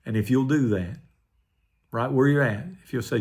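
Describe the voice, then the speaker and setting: An older man, a pastor, telling his personal testimony in an earnest, quietly emotional way. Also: mid-range voice, moderate pace, long pauses.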